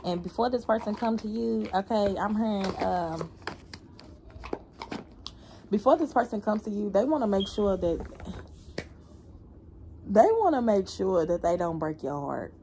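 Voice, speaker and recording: A woman giving a casual spiritual card reading, animated and slangy, humming and laughing between lines. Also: medium pitch, measured pace, pauses often, background noise. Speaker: tarot reader.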